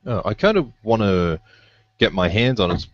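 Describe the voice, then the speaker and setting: A young man co-hosting a casual podcast chat, sounding tired and relaxed as he asks questions. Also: fairly low pitch, moderate pace, no room sound. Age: young adult. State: tired, yawning. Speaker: podcast co-host. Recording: dry, dull lo-fi podcast audio.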